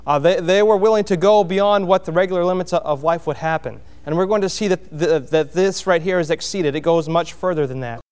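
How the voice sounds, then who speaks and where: Man, preacher, sermon, high voice, smooth resonant tone, plainspoken, halting with fillers. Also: a little mellow. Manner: halting, frequent fillers and restarts, plainspoken explaining. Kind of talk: sermon, expository Bible teaching.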